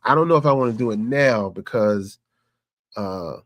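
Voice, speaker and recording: A man's voice: on the low side, animated, moderate pace, no echo, dull audio. A man vlogging, telling a story in a loose, conversational way. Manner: conversational, repeats "you know what I'm saying". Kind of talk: casual storytelling.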